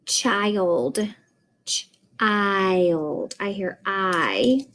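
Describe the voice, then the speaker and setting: Slow, deliberate woman teaching phonics. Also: medium pitch, a bit bright, rough recording. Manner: slow, deliberate, sounds out vowels. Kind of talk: phonics lesson.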